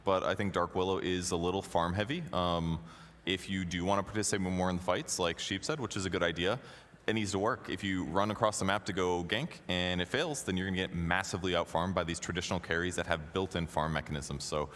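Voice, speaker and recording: A man giving laid-back, measured esports analysis on a panel. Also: low voice, fairly even intonation, fairly bright tone. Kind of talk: casual analysis.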